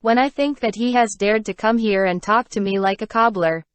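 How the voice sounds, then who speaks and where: A woman's voice: mid-range voice, moderate pace, clean tone, dry recording, natural voice. A woman voicing a ferocious, starving male innkeeper who rants with scorn, in a storybook reading. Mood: bitter ranting. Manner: ranting, scornful.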